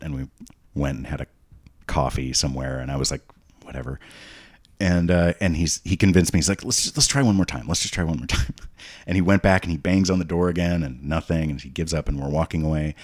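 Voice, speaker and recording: A podcast guest with a remarkably deep, low voice tells family stories in a loose, casual way. He rambles, doubles back and restarts mid-sentence as he goes. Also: a little mellow. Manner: rambling, frequent restarts and asides. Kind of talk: casual storytelling.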